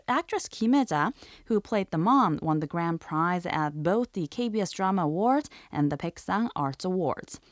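A woman hosting a scripted language lesson, speaking clearly and deliberately and repeating each example phrase slowly. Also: lowish voice, no echo, studio quality. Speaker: host.

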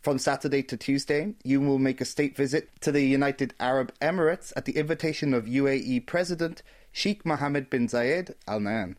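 A man briefing news stories as a staff editor, in a steady, formal manner. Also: mid-range voice, a little fast.

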